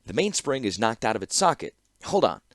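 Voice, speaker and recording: A man reading an audiobook, voicing a calm, confident young male apprentice. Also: medium pitch, brisk, no echo, clean studio sound.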